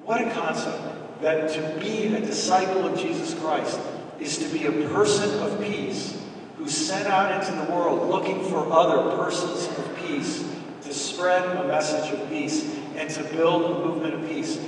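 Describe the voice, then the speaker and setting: A man's voice: a little high, steady tone, measured pace. A middle-aged man giving an earnest, preaching-style talk to a church audience, telling stories and calling them brothers and sisters. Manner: earnest, storytelling, addresses listeners as brothers and sisters. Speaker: speaker at a church event. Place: large dinner hall. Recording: echoey hall from far off, with noise.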